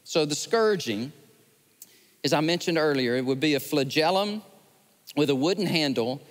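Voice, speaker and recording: A man preaching a sermon, telling stories in an animated, lively way. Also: on the high side, moderate pace. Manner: animated storytelling, acts out scenes with rising excitement. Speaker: pastor. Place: large church sanctuary. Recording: long church hall reverb.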